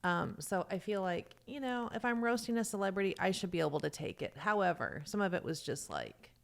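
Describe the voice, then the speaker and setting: A woman's voice: lowish voice, big pitch swings, a little fast, gravelly. A woman comedian, a guest on a podcast, chatting candidly with self-deprecating humor. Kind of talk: casual chat. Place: podcast studio.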